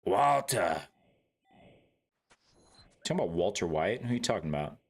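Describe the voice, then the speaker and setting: A man's voice: low voice, big pitch swings, normal speed, creaky. A man streaming a game, chatting casually with his viewers in a joking, laid-back way, swearing freely and laughing often.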